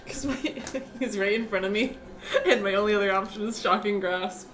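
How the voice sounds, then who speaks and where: A woman's voice: mid-range voice, normal speed, a bit bright. A woman playing a tabletop game, chatting casually and laughing often between lines. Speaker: player.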